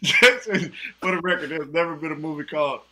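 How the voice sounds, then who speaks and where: A man's voice: a little high, brisk, a crowd in the background. A man hosting a casual trivia night over a video call, teasing players and laughing often. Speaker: trivia host. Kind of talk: casual online game hosting. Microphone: video call mic.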